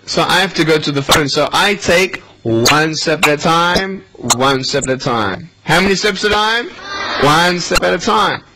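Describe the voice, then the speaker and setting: A man in his thirties with an Australian accent, giving an animated motivational talk to schoolchildren and quizzing them. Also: high-pitched. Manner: animated, playful, questions the audience. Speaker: motivational speaker. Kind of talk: speech to schoolchildren. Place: school hall with a child audience. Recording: noisy live hall recording.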